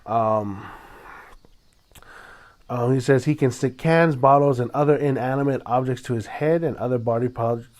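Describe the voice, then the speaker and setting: A man from Hawaii hosting a solo podcast, talking at an ordinary middle pitch. He rambles through his stories and turns dramatic, breaking into sudden loud bursts. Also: normal speed. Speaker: podcast host. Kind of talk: solo casual podcast talk.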